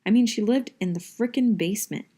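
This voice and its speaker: A woman's voice: mid-range voice, brisk, warm tone, breathy edge. A woman reading a novel aloud in a wry, conversational first-person voice. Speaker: reader. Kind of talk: audiobook-style reading of a novel.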